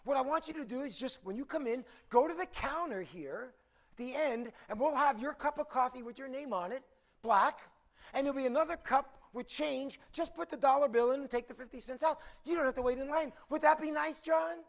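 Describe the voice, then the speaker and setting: A man's voice: extremely high pitch, lively intonation, moderate pace, gravelly, exaggerated voice. A man voicing a chirpy, overly friendly female coffee shop clerk in a story he tells. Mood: bubbly. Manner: bubbly, singsong and overly friendly.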